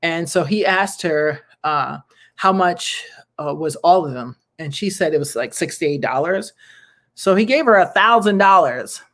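A mid-range, animated voice with a fairly bright tone moves at a measured pace. The speaker, in their thirties, is a podcast host and nonprofit founder hosting a casual good-news talk that rambles chattily with frequent laughs, fillers, and earnest, preachy asides.

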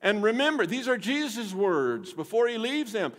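A man delivers a sermon from the pulpit in a slightly raised voice. He dips low and quiet, then climbs to loud, emphatic repetitions, stretching key words for weight. His words ring out with a long reverb through a large sanctuary. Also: very animated, normal speed, hardly any pauses. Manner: dynamic preaching, swings from hushed low to emphatic loud; repeats phrases and drags out key words. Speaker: pastor.

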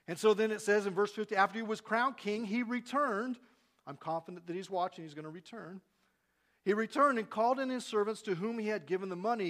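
A man preaching a sermon to a congregation in a church hall, reading scripture with dramatic loud peaks and asking the room questions. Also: sits high. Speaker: pastor.

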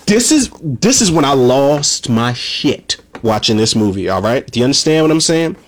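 A man's voice: mid-range voice, very animated, moderate pace. A man recapping a horror movie in a casual, profane way, ranting with feeling and calling his listeners "people". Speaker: movie reviewer.

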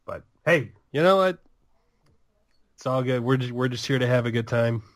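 A man's voice: mid-range voice, moderate pace, no echo. A man co-hosting a podcast, laid-back and wry, with short, sarcastic replies. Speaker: podcast co-host. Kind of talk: casual chat.

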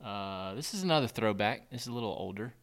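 A man hosting a podcast quiz game, upbeat and quick to laugh. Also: fairly low pitch, animated. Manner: upbeat, laughs often, plays quizmaster. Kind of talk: casual podcast banter.

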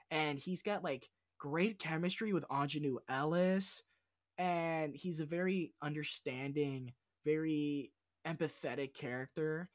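A man's voice: fairly high pitch, no room sound, clean studio sound. A man talking as a guest on a casual film podcast, rambling and swearing enthusiastically as he goes off on tangents.

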